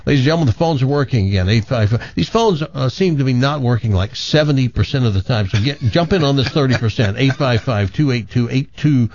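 A man's voice: medium pitch, lively intonation, a little fast, few pauses, darkish tone, no echo, dull audio. A man hosting a talk radio show, chatting opinionatedly with his co-hosts and taking callers. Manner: opinionated, chatty, self-correcting. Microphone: studio microphone.

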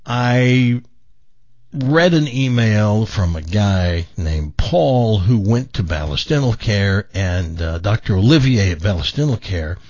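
A man's voice: on the low side, expressive, slow, darkish tone, no room sound, highs cut off. A male radio talk show host chatting on air in a reflective, rambling way, full of restarts. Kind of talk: casual on-air chat.

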